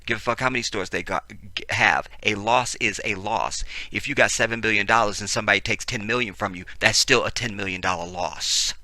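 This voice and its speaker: A man's voice: on the low side, a little fast, sharp tone, no room sound. Fiery, profane man ranting up close. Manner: profane, emphatic, repetitive; frequent "see what I'm saying" asides. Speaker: political commentator. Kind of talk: ranting video commentary.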